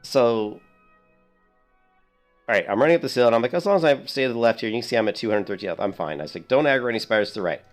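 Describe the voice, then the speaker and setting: A man in his thirties, a streamer telling a rambling, animated story in casual gameplay commentary. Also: mid-range voice, fast talker, soft background music.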